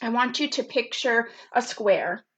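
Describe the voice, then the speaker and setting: A woman's voice: on the high side, unhurried, fairly bright tone, muffled recording. A woman leading a live online youth workshop, chatty and upbeat, reading out viewers' comments by name over a video call. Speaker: program specialist leading a virtual youth workshop.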